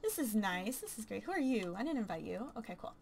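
A woman giving casual, chatty commentary while playing a life-simulation game, gushing and excitable. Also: a little high, quick pace, gravelly, a little hiss or hum. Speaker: let's play commentator.

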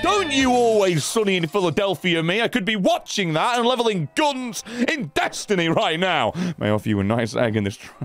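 A man's voice: high voice, big pitch swings, a little fast, hardly any pauses, fairly bright tone, faint music behind. A man in his thirties giving live, sweary game commentary, ranting at the game in exasperation. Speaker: gaming streamer.

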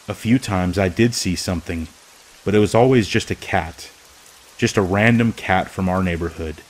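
A man narrating a true scary story from a script, in a slow, hushed, measured way. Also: low voice, rough recording.

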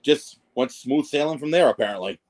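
An animated man with a mid-range, darkish voice talks fairly quickly as a podcast guest. He rambles through his story of being a wrestling ring announcer, self-deprecating and heavy on fillers and restarts, in a casual interview.

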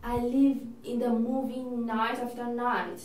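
A woman's natural, slightly mellow voice sits on the high side, with little pitch movement and a somewhat slow pace. She plays a chatty, neurotic divorced older sister in an audition monologue, rambling, self-absorbed and fretful. The recording has room echo and a distant mic.

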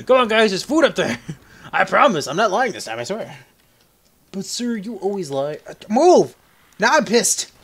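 A man's voice: very animated, normal speed, a bit bright, breathy edge. A young man giving casual, profane gameplay commentary, joking and laughing as he plays. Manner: jokey and profane, laughing often, yelping in high squeaks when startled. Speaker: let's play gamer.

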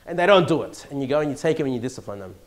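An Australian pastor preaching a sermon in church, animated, swinging from loud emphasis to hushed asides and chuckling now and then. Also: male voice, medium pitch, rapid-fire.

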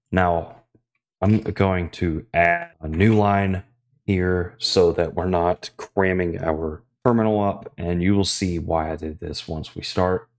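Brief: young man, low voice, casual enthusiastic coding screencast host. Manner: enthusiastic, chatty, thinks aloud while typing.

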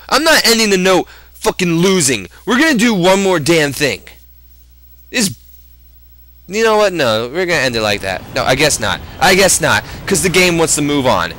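A man casually chatting while playing a wrestling video game, swearing loudly in excited outbursts. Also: a little high, moderate pace. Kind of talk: profane casual let's-play chat.

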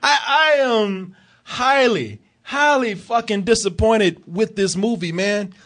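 A man casually reviewing a film with animated, profane banter, often laughing and acting out characters. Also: high voice, slow. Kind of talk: casual comedic movie review chat.

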